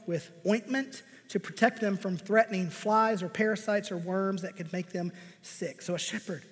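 A man with a high voice delivers a sermon in a hall with a long reverb. He speaks in a measured, emphatic way and uses deliberate pauses. His voice rings through the hall. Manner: measured, emphatic pauses, reads scripture aloud. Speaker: preacher.

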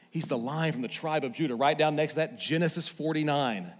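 A man preaching a sermon, swinging from loud emphatic lines to hushed, quiet asides. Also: on the high side, a little fast. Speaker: pastor. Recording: long hall reverb.

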